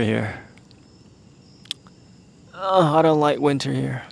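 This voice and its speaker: A man's voice: mid-range voice, expressive, slow pace, creaky, long pauses. A young man hosting a casual solo podcast outdoors in the evening, rambling and unsure as he thinks aloud. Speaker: podcast host.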